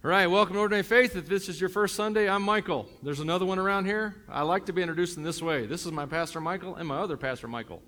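A man's voice: high-pitched, racing, hardly any pauses, fairly bright tone. A middle-aged man with a Tennessee accent, a pastor preaching a sermon in a joking, conversational way with many fillers and restarts.

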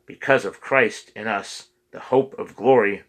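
A man's voice: fairly low pitch, measured pace, a bit bright, low-quality recording. A man reading the lines of an earnest priest who pleads with his congregation for peace. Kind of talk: audiobook character reading.

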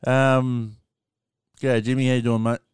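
A man's voice: mid-range voice, level tone, measured pace, clean tone, no room sound, studio quality. An Australian man hosting a live stream, chatting casually with callers and swearing freely.

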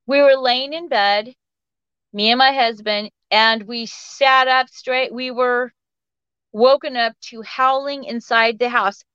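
This high-voiced woman sounds pushed and bright, clear and resonant, with no room sound around her. She's a guest in a relaxed interview, telling personal anecdotes in a meandering way, often restarting and using fillers. The audio is dull and lo-fi.

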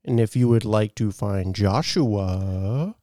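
A young man co-hosting a podcast in easygoing, profane chat with quick interjections. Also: on the low side, mellow, no echo, studio quality. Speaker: podcast co-host. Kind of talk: casual chat.

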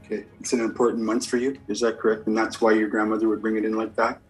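A man with a slightly husky voice gives a spirit reading as a medium. He asks short yes-or-no questions and confirms each answer calmly. Faint music plays underneath. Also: lowish voice, fast talker, poor audio. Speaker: evidential medium giving a reading.

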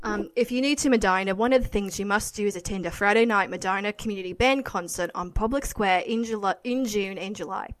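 Woman putting on an attempted Australian accent, reading aloud, middle pitch, dry close sound. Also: fast talker, few pauses, no room sound, close to an everyday voice. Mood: playful.

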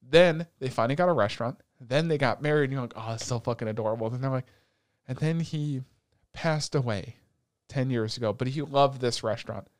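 A man's voice: medium pitch, normal speed, no echo. Guy on a chill podcast hyping up a show, swears a lot, dry mic. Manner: animated retelling with swearing and laughs. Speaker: podcast co-host. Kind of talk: casual anime podcast chat.

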